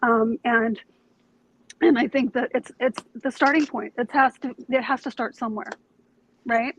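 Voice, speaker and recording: Calm woman co-hosting a livestream. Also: on the high side, normal speed, muffled recording, slight background noise. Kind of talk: casual panel livestream. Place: home near a yard.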